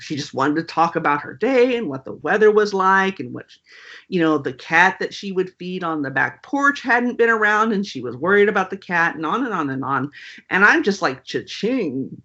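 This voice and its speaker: A woman guest on an interview, talking casually and wryly with lots of "um" and "you know". Her voice is bright and sharp. The recording sounds dull and lo-fi. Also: fairly low pitch. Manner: animated, wry, lots of fillers. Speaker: author guest.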